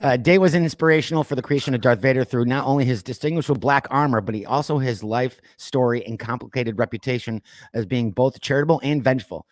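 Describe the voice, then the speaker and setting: A man's voice: medium pitch, fast talker, no room sound, studio quality. A man hosting a casual pop culture podcast, chatting loosely and reading off lists with plenty of fillers. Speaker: podcast host. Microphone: streamed call mic.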